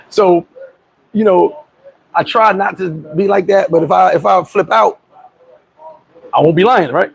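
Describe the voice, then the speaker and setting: An American man hosting a casual livestream. He rambles through viewer comments and shout-outs, often restarting and chuckling. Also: high-pitched, takes it slowly, gravelly, long pauses, breathy edge, rough recording. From United States. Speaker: livestream host.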